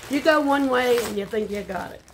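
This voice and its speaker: A woman's voice: a little high, normal speed, creaky, a little hiss or hum. An older woman chatting casually at home while she unboxes a shopping haul, muttering asides and getting frustrated. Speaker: haul vlogger. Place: home room.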